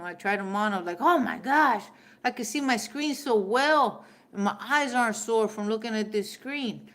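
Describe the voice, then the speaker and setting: Woman in her middle years, spiritual livestream host, brash and profane, loud bursts then hushed asides, casual chat with viewers. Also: medium pitch.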